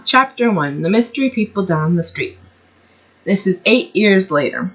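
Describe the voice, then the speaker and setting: In a slightly muffled recording, a woman reads a first-person story she wrote herself, her medium-pitched voice animated and her pace moderate. She's an amateur storyteller who keeps tripping over words, restarting lines, and remarking on her mistakes.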